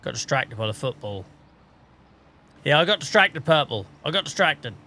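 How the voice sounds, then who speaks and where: A man's voice: on the high side, sing-song, normal speed, pushed and bright. A man chatting casually on a live stream as he plays a farming game, muttering, joking and swearing. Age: adult.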